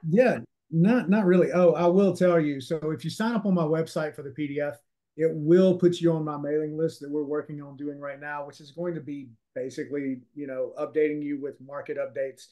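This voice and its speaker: Man podcast guest, mellow voice, slightly high pitch, relaxed and conversational. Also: fairly quick. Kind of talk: casual interview talk.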